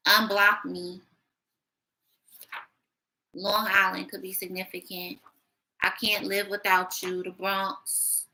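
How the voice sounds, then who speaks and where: Gravelly bright-voiced woman reading tarot. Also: medium pitch, level tone, takes it slowly, long pauses, a little hiss or hum, poor audio. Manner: blunt, sassy, thinking aloud. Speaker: tarot reader. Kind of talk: casual tarot reading monologue.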